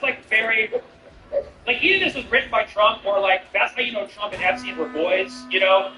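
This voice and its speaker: Man, high pitch, rambling sarcastic riffs, echoey room. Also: pushed and bright, distant mic. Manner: rambling, sarcastic, heavy use of "like". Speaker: streamer. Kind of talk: comedic commentary while gaming. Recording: roomy, off-mic, music behind. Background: music.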